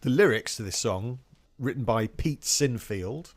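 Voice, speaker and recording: A man's voice: mid-range voice, expressive, unhurried. A man co-hosting a music podcast in casual chat, earnest and reflective, reading out quotes. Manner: earnest, reads out quotes, chuckles now and then. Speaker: podcast co-host.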